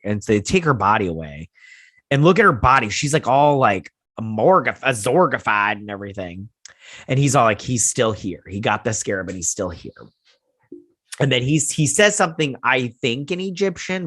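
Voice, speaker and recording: A man hosting a casual episode recap and review, rambling through it in an animated way and leaning on "he's like" retellings. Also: mid-range voice, no room sound, studio quality. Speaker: host.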